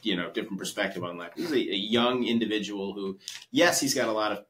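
A man's voice: fairly low pitch, quick pace, fairly bright tone. A man co-hosting a casual podcast chat, talking in a reflective, rambling way with plenty of fillers.

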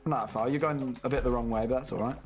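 A British man bantering over a game, laughing often and putting on gruff slang. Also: medium pitch, fairly even intonation, fast. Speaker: streamer. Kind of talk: joking gaming banter.

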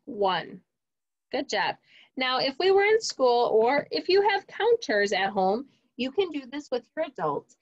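A woman teaching a remote phonics lesson to young children, speaking clearly and encouragingly. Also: sits high, big pitch swings, no room sound, lo-fi sound. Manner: slow, clear, encouraging teacher talk to kids.

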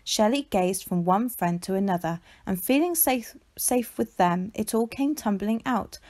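A woman teacher reading a children's picture book aloud in an expressive, animated storytelling manner. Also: mid-range voice, normal speed, few pauses.

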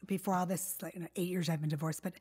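Woman podcast host, fast and breathy, emotional, jumps in with exclamations. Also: lowish voice, steady tone, mellow. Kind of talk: casual interview chat.

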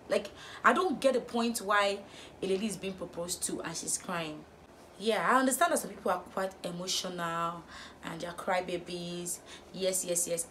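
A young woman vlogging, firing off exasperated rhetorical questions in an animated opinion rant. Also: mid-range voice, slight background noise.

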